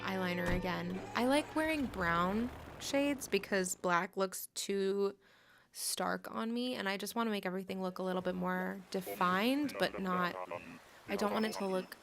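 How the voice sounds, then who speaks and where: A woman in her late twenties talks casually to her viewers while she plays a game. She rambles in loose, filler-heavy sentences at a middle pitch. Soft game music plays faintly underneath. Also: normal speed, creaky. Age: late 20s. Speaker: livestream host. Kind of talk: casual chat while gaming.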